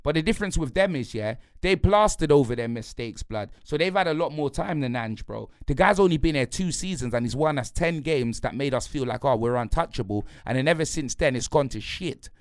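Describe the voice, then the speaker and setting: A man's voice: medium pitch, expressive, fairly quick, hardly any pauses, dry recording. Brief: angry man mid-rant, slangy and repetitive, dry close sound. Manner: heated, slangy, repetitive, punctuates lines with "blood" and "fam". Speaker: football fan pundit.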